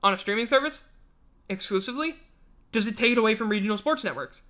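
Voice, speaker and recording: A man's voice: high voice, animated, fast, bright, forceful tone. A man hosting a live stream, chatting casually and rambling, swearing freely and joking at his own expense while sounding yawny and tired. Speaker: livestream host.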